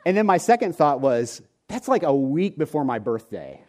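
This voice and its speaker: Pastor guy in his 40s, kinda high voice, cracking jokes mid-sermon, chatting with the crowd. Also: very animated, normal speed, few pauses, darkish tone. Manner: joking, conversational, talks to the audience. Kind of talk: sermon with humorous storytelling. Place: church before a live congregation.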